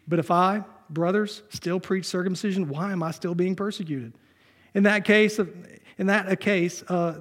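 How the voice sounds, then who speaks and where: A man preaching a sermon in a church. He reads scripture aloud and mixes in casual, joking asides. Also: a little high. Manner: conversational preaching with humor, reading scripture aloud. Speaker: pastor.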